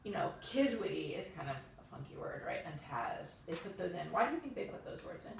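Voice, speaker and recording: A woman tutors one student in reading, speaking in a patient, encouraging way full of casual fillers. Her voice has a gravelly, creaky texture. It was caught from a distance in a very echoey room with steady background noise. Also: on the low side, fairly quick.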